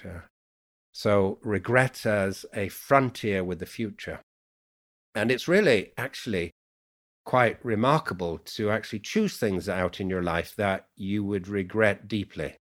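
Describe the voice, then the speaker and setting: A poet from Yorkshire in a reflective podcast conversation, speaking with a mixed Yorkshire, Irish and Americanized accent and musing unhurriedly, full of "you know"s. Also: male voice, deep voice. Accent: mixed Yorkshire, Irish and Americanized English. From Yorkshire, England. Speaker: poet guest.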